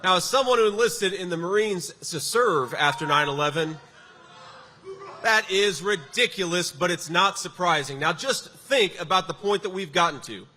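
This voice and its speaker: A man's voice: sits high, lively intonation, moderate pace, pushed and bright. A man, a political candidate, delivering a campaign rally speech in a large venue, with punchy emphasis and sarcastic jabs. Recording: echoey hall sound with faint background noise.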